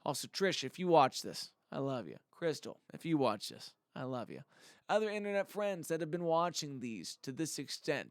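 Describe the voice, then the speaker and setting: A man's voice: on the high side, sing-song, moderate pace, no echo, studio quality. A man, a musician vlogger, talking in a casual monologue to the camera in a rambling, heartfelt and jokey way.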